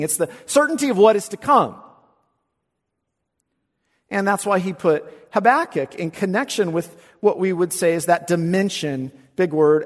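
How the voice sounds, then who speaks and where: A man preaches in a church sanctuary, his high voice leaping and dropping between emphatic declarations and quiet asides. He keeps asking his listeners rhetorical questions as he works through a passage. A long hall reverb trails behind every phrase. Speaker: pastor. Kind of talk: expository sermon.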